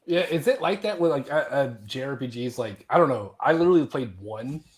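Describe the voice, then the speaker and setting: A man's voice: mid-range voice, lively intonation, fairly quick. A man in casual podcast chat, laid-back, laughing often, full of fillers and swearing. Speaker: podcast co-host.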